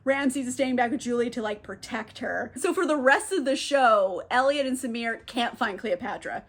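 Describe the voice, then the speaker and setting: Talk as a high-voiced woman recapping a novel casually, chatty, sprinkling "like". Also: moderate pace. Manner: chatty, fillers of "like", laughs often. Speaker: book reviewer.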